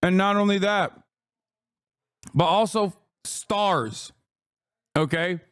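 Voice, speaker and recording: A man's voice: high voice, slow pace, a bit bright, clean tone. A man in his thirties giving sarcastic, combative stream commentary and swearing often.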